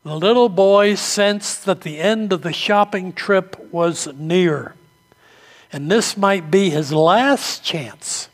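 A man's voice: high-pitched, slow, long reverb tail. A male pastor preaching a sermon, telling stories and briefly acting out the voices of the people in them. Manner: storytelling preacher, acts out quoted voices.

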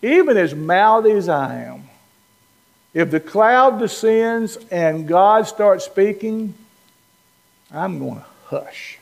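A man preaching a sermon, playful and animated, acting out the lines of Bible figures. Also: high-pitched, takes it slowly. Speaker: pastor. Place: church. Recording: long reverb of a church hall.

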